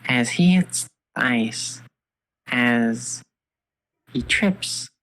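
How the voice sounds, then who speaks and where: A woman's voice: rumbling low, animated, extremely slow, a bit bright, low-quality recording. A woman improvising a fan story aloud with a partner, narrating and voicing characters in a loose, casual way.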